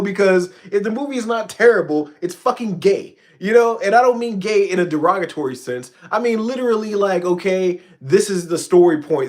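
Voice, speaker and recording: Guy hosting his stream, kinda high voice, swearing a lot and tripping over his words. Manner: profane, rambling, stammering restarts. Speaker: channel host. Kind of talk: casual livestream rant.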